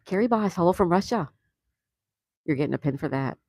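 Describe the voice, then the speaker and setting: A woman's voice: on the low side, expressive, fairly quick, darkish tone, dry recording. A woman hosting a casual live stream, chatting and laughing as she greets viewers and answers their comments. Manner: laughs often. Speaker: livestream host. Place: home in Florida.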